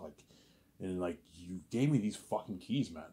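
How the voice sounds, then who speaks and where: A man's voice: lowish voice, big pitch swings, fairly quick. A man delivering a rambling, repetitive personal monologue, agitated and full of profanity. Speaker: vlogger.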